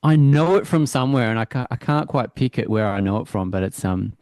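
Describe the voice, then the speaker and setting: A man's voice: medium pitch, animated, brisk, darkish tone, dry recording, studio quality. A man co-hosting a podcast, chatting in an easygoing way about a TV series with light laughs. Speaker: podcast co-host. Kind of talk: casual TV review chat.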